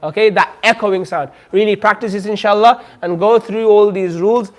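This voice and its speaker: A man teaching a Quran recitation class, patiently drawing out sounds slowly for students to repeat. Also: high-pitched. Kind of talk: classroom lesson. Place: community centre classroom.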